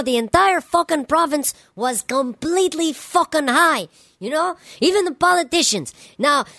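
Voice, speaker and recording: A woman's voice: high-pitched, a bit bright, no echo, studio quality. A woman playing a swaggering, profane stoner male news anchor on a spoof radio show, full of slang. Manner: slangy, profane, "you know what I'm saying". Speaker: comedy radio host. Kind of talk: comedy radio sketch.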